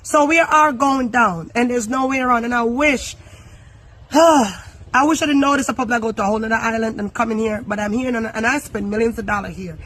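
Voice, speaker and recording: A woman from Jamaica, a business owner, speaking earnestly and haltingly about her country's troubles. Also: on the high side, fairly bright tone. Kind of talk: impassioned interview remarks.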